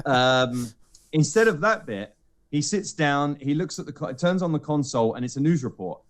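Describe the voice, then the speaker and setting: A man's voice: on the high side, normal speed. A man on a podcast, casually retelling a film scene by scene and acting out the characters' lines. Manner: animated storyteller acting out lines in character voices. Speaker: podcast co-host recounting a film screening. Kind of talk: casual chat.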